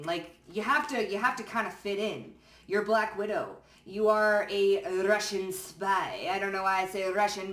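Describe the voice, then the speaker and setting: A woman reads tarot cards in a loose, conversational way, dropping casual swears and checking in with her listeners. Her voice sits fairly low. She is heard a little away from the mic in a roomy, echoing space. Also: a bit bright, far from the mic. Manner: chatty, swears casually, frequent "okay?" and "you know what I'm saying?". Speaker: tarot card reader. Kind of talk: casual pick-a-card tarot reading.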